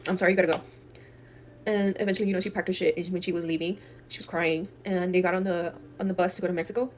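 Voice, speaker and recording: A woman's voice: fairly low pitch, racing, a little hiss or hum. A young woman from Texas telling a wild family story in casual, profane speech, acting out quotes. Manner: profane, animated, acts out quotes. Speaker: guest storyteller.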